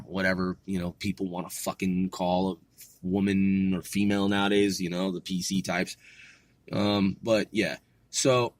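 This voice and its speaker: A man studying on his own and talking it through out loud, rambling and swearing as he practices phrases. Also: lowish voice, no echo. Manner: profane, rambling, thinks aloud. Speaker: podcast host learning Korean. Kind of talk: casual self-study talk.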